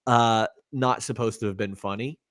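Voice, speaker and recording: A man's voice: on the low side, fairly even intonation, normal speed, a bit bright, no room sound, studio quality. A man co-hosting a casual movie-review podcast, rambling, with lots of fillers and restarts. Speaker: podcast co-host.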